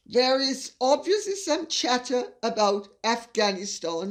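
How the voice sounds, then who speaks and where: A woman's voice: mid-range voice, lively intonation, slow pace. An older woman hosting her channel, reading viewer messages aloud and laughing often as she reads. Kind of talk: casual chat.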